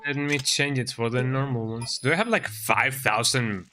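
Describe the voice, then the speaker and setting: Soft music plays behind this let's-play commentary, where a man jokes around, reads the game's text out loud and caps lines with "eh?". He speaks at medium pitch and a moderate pace, his tone bright and forceful.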